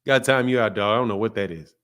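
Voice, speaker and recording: A man's voice: fairly low pitch, rapid-fire, a bit bright, clear, resonant tone. A man with a Philadelphia accent hosting a casual boxing livestream, reading super chats in a playful way and repeating phrases.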